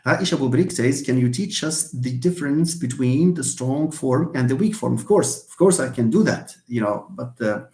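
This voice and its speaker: A man giving a live online English lesson, hesitant with many fillers and restarts, lively when stressing examples. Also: mid-range voice, normal speed, hardly any pauses. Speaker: English lecturer. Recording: echoey room.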